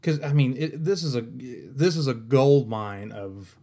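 Male podcast host, mid-pitched, in an exasperated comic rant that is profane and full of restarts. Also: unhurried, warm tone. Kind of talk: comedic rant.

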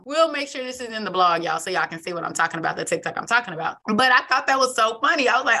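A young woman co-hosting a casual podcast chat, telling stories with animated flair and acting out quoted voices. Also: fairly high pitch, normal speed. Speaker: podcast co-host.

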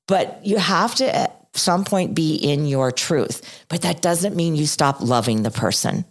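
A woman's voice: sits low, animated, normal speed, few pauses. A middle-aged woman co-hosting a podcast, talking earnestly and reflectively, often repeating phrases for emphasis. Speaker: podcast co-host.

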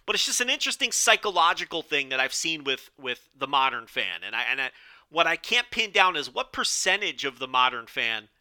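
A man hosting a solo podcast, giving opinionated commentary in a rambling style with restarts and "okay?" asides, his voice strained and going hoarse. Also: medium pitch, bright, forceful tone. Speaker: podcast host.

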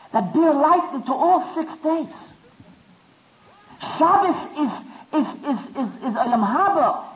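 High-voiced man giving a talk. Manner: rising to impassioned pitch, stammering restarts. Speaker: speaker. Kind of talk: Torah talk. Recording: dull lo-fi recording.

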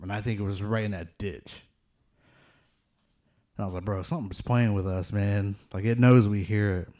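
The speaker is a man whose fairly low voice sounds a little mellow, steady in tone and at a normal pace. He's informally recounting ghostly experiences, wandering through fillers and chuckling nervously during tense stretches.

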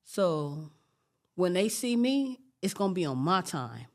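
A woman being interviewed, telling a long story in an animated, streetwise way and acting out what people said. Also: fairly low pitch, unhurried. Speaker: interview guest.

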